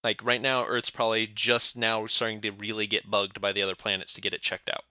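A man co-hosting a science podcast, chiming in with jokey asides and relaxed banter. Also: on the low side, brisk, dry recording, clean studio sound. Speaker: podcast co-host. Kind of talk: casual science podcast chat.

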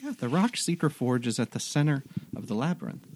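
A game master narrating a tabletop game in a relaxed, descriptive way. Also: mid-range voice, fairly quick.

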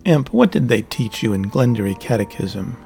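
Male reader doing a gravelly, condescending old recluse for a storybook, sly and mocking. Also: mid-range voice, sing-song, normal speed, warm tone, soft background music. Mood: taunting. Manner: taunting, condescending.

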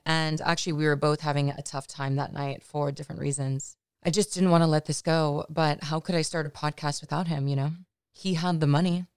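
Low, smooth-voiced woman telling her story. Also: dry recording, clean studio sound. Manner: candid, chatty, with "you know" asides. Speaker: podcast host. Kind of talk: personal storytelling monologue.

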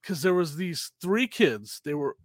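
A middle-aged man co-hosting a podcast, telling rambling anecdotes with quick laughs and acting out the voices of people in his stories. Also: on the high side, very animated, no echo, clean studio sound. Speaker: podcast co-host. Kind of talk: casual chat, storytelling.

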